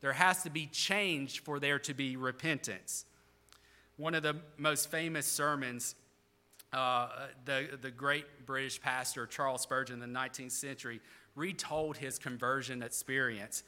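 A man's voice: medium pitch, steady tone, measured pace, sharp tone, long reverb tail. A man preaching a sermon in an earnest, explaining way. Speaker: pastor.

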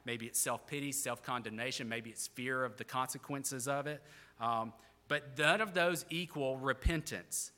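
A man's voice: medium pitch, normal speed, pushed and bright, long reverb tail. A man preaching a sermon in an earnest, explaining way. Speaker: pastor.

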